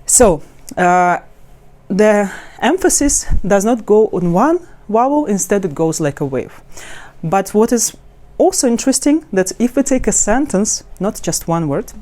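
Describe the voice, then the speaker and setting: Soft-toned woman teaching pronunciation. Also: medium pitch, big pitch swings. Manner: halting, many restarts and fillers; demonstrates words slowly and melodically. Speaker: language teacher. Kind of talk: explaining pronunciation to camera.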